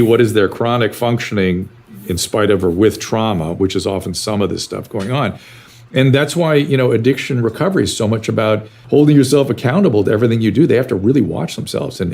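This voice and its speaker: An older man with a fairly low voice speaks as a psychiatrist guest in an interview. He answers bluntly and tells his stories with animation, lifting his pitch when he acts out exchanges. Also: darkish tone.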